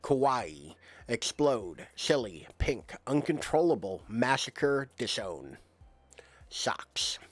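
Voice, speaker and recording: A man's voice: medium pitch, very animated, slow pace, no echo. A male streamer on a live game stream, reading out game text and word lists with playful asides.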